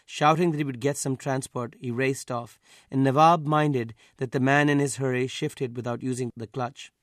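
A man, the author, reading his own literary story aloud in a measured, even way. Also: medium pitch, no echo, clean studio sound.

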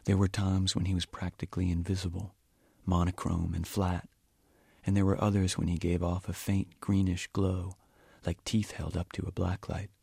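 A man reading from his novel in a measured, quiet way, at times almost whispering. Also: deep voice, little pitch movement, gravelly, breathy edge, dry recording, studio quality. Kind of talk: audiobook-style reading.

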